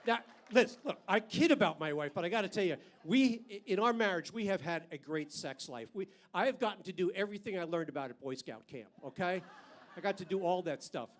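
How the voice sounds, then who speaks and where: A man's voice: high voice, expressive, a little fast. An older man doing a stand-up comedy routine on a club stage with a handheld mic, brash and profane, landing punchlines hard.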